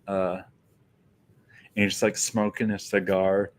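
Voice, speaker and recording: A man's voice: sits low, level tone, slow pace. A man giving a casual film review monologue, rambling and often restarting his sentences.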